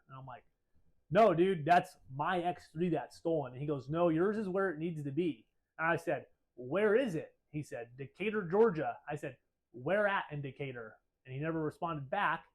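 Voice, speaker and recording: Animated man retelling a wild story. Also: fairly high pitch, rough recording. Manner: animated, acts out both sides of phone calls, swears. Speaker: shop owner telling a story. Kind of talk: casual storytelling to camera.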